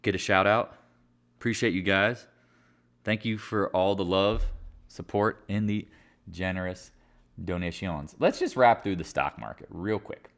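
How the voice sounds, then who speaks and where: Man, fairly low voice, casual stock-market live stream host, joking, rambling. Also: a little slow, fairly bright tone. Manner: joking, rambling, laughs at own jokes; sings and mimics other traders in silly voices.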